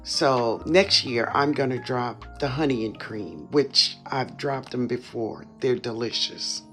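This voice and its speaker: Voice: medium pitch, slow pace, a bit bright, faint music behind. A home gardener with a New Orleans accent, giving a casual, enthusiastic walk-through of their own backyard garden and often addressing viewers as "y'all.". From New Orleans, USA. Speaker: home gardener, channel host.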